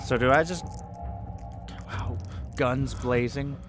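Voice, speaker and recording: A man's voice: medium pitch, fairly even intonation, slow pace, over music. A young man voicing a horror game playthrough, jumpy and swearing, pleading with and joking at the monsters. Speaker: gaming channel host. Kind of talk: horror game let's play commentary.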